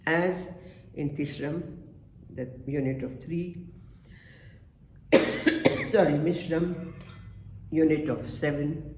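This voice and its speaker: A man giving a webinar lecture on rhythm in music and dance, counting beats aloud and pausing often. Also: on the high side, fairly even intonation, darkish tone. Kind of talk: slow spoken lecture. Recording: echoey room, faint background noise.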